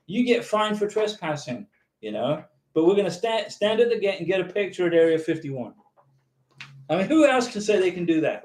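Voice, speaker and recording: A chatty man with a high voice hosts a casual livestream. He reads out viewers' comments and answers them directly. The sound rings around an echoey room. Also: a little mellow.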